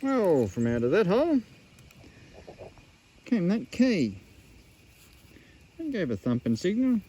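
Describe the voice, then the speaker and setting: An Australian man excitedly showing off metal detecting finds at an old rubbish dump, in a casual outdoor vlog full of slang. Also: high voice, slow pace, a little hiss or hum.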